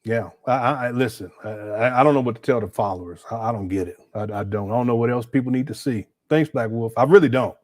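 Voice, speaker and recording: A man's voice: medium pitch, fast, hardly any pauses. A middle-aged man hosting a livestream, commenting casually in colloquial speech, often incredulous and stammering through repeats. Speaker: livestream host.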